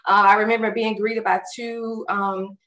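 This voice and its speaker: A woman's voice: medium pitch, moderate pace. Woman telling a story, distant and roomy. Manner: animated, acts out others' words in quotes; conversational with frequent fillers. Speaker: storyteller recounting a personal experience. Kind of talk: casual spoken personal story.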